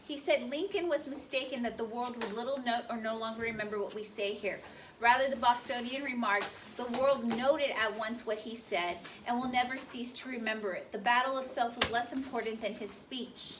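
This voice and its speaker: High-voiced teacher quizzing her class. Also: moderate pace. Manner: reads aloud and quizzes students with questions. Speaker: history teacher. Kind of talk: classroom lecture. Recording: classroom recording from far off, slight noise.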